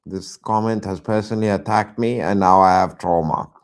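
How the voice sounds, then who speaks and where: A man streaming reaction commentary, exasperated and loud, repeating himself and swearing often. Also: low voice, fairly even intonation, normal speed.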